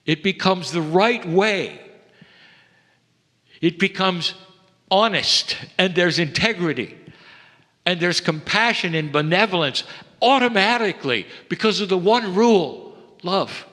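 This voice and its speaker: A man delivering a channeled spiritual message to a seminar audience, measured and intimate, often sinking to hushed tones. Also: high-pitched, expressive. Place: seminar hall. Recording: long hall reverb.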